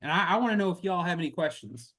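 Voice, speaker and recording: A man's voice: sits high, expressive, quick pace, sharp tone. A man leading a network marketing team, giving an earnest, impassioned motivational talk on a group video call. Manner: earnest, impassioned, repeats "y'all".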